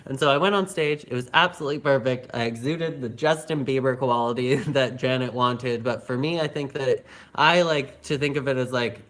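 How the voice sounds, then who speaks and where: A young man talks through a personal story on a livestream. He is chatty and animated, peppering his speech with filler words and laughter, at an ordinary middle pitch. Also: normal speed. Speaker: vlogger.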